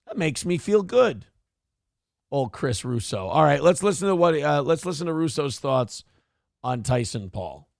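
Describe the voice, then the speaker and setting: A man's voice: on the high side, sing-song, unhurried, vocal fry, no room sound, studio quality. A man hosting a morning talk show, chatting casually in a profane, joking way. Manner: profane, joking, mocking impressions. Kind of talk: casual chat.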